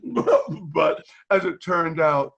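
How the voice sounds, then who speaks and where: Slow and a little high-pitched, his gravelly voice comes through with the highs cut off. An older Boston man who used to teach, he's a guest on a video call, animatedly telling candid stories, voicing the dialogue and laughing often.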